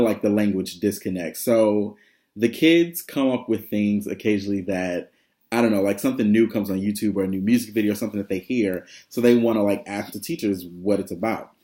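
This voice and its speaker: Casual vlogger, a man with a lowish voice, talks loosely with plenty of ums. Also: dark tone. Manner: chatty, rambling, many fillers, laughs often. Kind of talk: casual vlog update.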